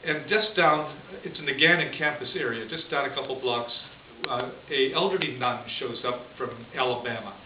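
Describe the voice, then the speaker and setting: A man's voice: medium pitch, moderate pace, hardly any pauses. A priest telling a story in a homily, chatty and chuckling as he goes. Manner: conversational, chuckles often. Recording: distant echoey lo-fi room recording with hiss.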